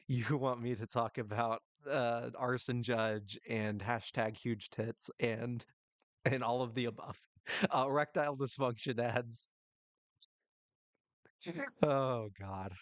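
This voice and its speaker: A man's voice: mid-range voice, no echo. Young guy doing a solo sports podcast, rambly and chill, lots of ums, dry close mic. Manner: casual and rambling, with frequent ums and little laughs. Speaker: podcast host.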